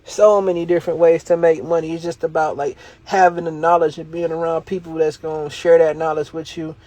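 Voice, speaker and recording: A man talks loosely on a livestream, full of street slang and hype as he coaches his viewers. His voice sits a little high for a man, and he laughs now and then between points. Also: flat delivery, a little fast, dark tone. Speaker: livestream host, reselling coach. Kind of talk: casual livestream talk.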